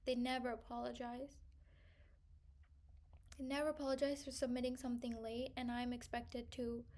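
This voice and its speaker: A woman's voice: on the high side, warm tone. A young woman vlogging an emotional personal monologue, reflective and searching, trailing off with frequent "like" fillers and sometimes tearful. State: tearful at times.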